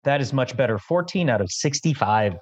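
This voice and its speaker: A man's voice: mid-range voice, animated, fairly quick, lo-fi sound, very noisy. Rambling male tabletop player. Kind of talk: casual tabletop game play.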